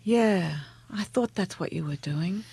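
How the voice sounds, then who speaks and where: A woman's voice: mid-range voice, measured pace, gravelly, slight background noise. A woman coach in a casual interview, telling stories in an earnest way and laughing often. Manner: earnest, warm storytelling with frequent laughs. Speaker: guest, transformational coach.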